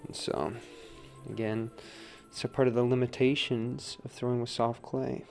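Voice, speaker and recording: A man's voice: medium pitch, level tone, moderate pace, gravelly, a little mellow, soft background music. A man demonstrating wheel throwing on a livestream, talking casually, counting his pulls aloud and asking "right?" a lot. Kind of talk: live-streamed pottery demo. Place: pottery studio at the wheel.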